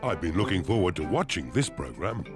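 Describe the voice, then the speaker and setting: Genial cartoon pig father; low voice, wide swoops, patient with the kids. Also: big pitch swings, a little fast, loud music behind the voice. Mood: fatherly. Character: cheerful father pig, easygoing dad. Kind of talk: children's cartoon voice acting.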